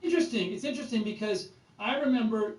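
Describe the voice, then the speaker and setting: A man's voice: high-pitched, fast talker. A man giving sarcastic reaction commentary, mocking by repeating short phrases over and over. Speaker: political commentator. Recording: echoey room, distant mic, noisy.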